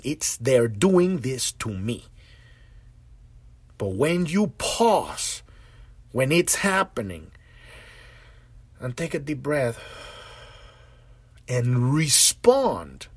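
A man's voice: fairly high pitch, breathy edge, no echo. A man hosting a podcast, talking casually and with feeling about spiritual growth, swearing often and acting out the voices he quotes. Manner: animated, profane, acts out quoted voices. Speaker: podcast host.

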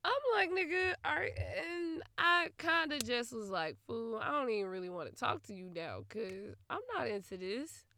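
A woman's voice: a little high, expressive, normal speed, hardly any pauses, pushed and bright, a little hiss or hum. A young woman ranting casually about an old flame, blunt and profane, often laughing, recorded close and dry. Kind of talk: casual storytelling rant.

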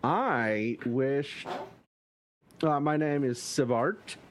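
A man's voice: medium pitch, lively intonation, very slow, a little hiss or hum. Joking player man on a call. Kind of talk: tabletop role-play chat over a video call. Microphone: video call.

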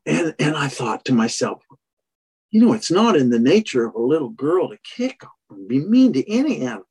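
Husky horse trainer telling a story. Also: male voice, a little high, sing-song, normal speed, a little mellow. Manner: rambling, with many restarts and "you know". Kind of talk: casual storytelling in conversation.

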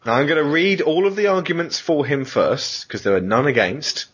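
A man's voice: on the high side, normal speed, fairly bright tone, dull audio. A man hosting a comedy podcast, reading listener texts in a mock-solemn tone that breaks into laughs. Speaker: podcast host.

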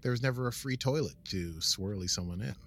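A man chatting casually about a TV episode in a nerdy, animated way. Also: medium pitch, a little fast, crowd noise. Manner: nerdy, animated, puts on silly voices. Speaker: podcast co-host. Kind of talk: casual chat.

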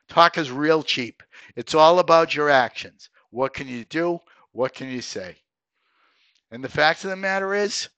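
A man's voice: a little high, sharp tone, no echo. A man hosting a career advice podcast, talking straight to listeners in an emphatic coaching way and often checking in with "okay?". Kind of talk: solo podcast monologue.

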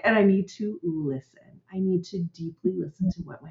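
A woman's voice: mid-range voice, steady tone, normal speed, darkish tone. A middle-aged woman, a parenting coach on a podcast, talking earnestly and often checking in with "right?". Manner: gestures a lot while talking. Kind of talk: podcast interview conversation. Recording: roomy, slightly dull audio.

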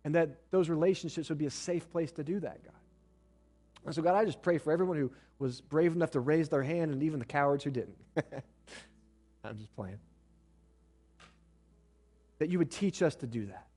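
A man's voice: a little high, normal speed, long pauses, a little mellow. A male pastor preaching to his congregation, blunt and joking, and acting out what spouses say to each other. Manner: blunt, joking asides, acts out spouses' lines. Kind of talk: sermon.

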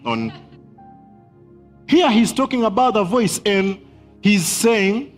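A man's voice: high voice, very animated, slow pace, long pauses, soft background music. A man preaching a sermon as pastor, emphatic, repeating key phrases and laughing between points.

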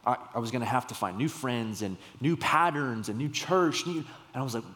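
A man's voice: mid-range voice, expressive, fairly quick, a bit bright. A young man gives a sermon in a casual, storytelling way, his voice sitting in the middle of the male range. He breaks into sudden emphatic bursts now and then. Long reverb from a church hall trails behind every word. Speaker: pastor.

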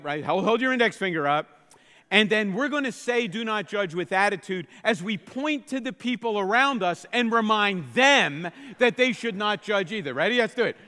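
A man preaching a sermon, playful and lively, leading the congregation in call-and-response. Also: sits high, big-room sound. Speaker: pastor.

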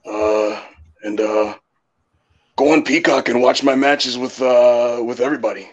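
A man doing a rough comic impression of a gruff, grudge-holding retired male wrestler, rambling and halting with many fillers. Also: medium pitch, steady tone, highs cut off. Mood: blunt.

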